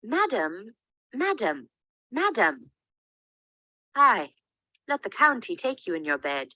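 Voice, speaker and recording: A man doing a high, fussing old nurse. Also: huge pitch swings, slow, sharp tone, no echo, heavily acted, poor audio. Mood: teasing. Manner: teasing, then wailing in alarm. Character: fussing old female nurse, teasing then grief-stricken. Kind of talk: dramatic reading of a play.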